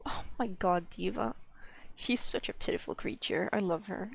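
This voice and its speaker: Woman streamer, casual live chat, slight fry, giggly and rambling, playful pet-talk. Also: mid-range voice, measured pace, slight background noise. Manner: rambling and giggly, with many "like" fillers; coos playfully at her pet.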